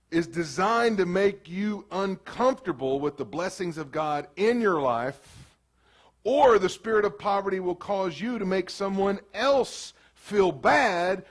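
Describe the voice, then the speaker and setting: A man preaching a sermon as pastor in a casual, animated way, slipping into quick acted asides. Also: sits high.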